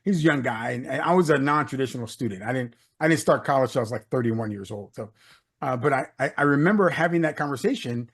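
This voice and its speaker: A middle-aged American leadership consultant, a guest telling a personal story in a casual interview, with many "uh"s and "you know"s. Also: male voice, medium pitch, fast, husky. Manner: anecdotal, repeats words, many "uh" and "you know".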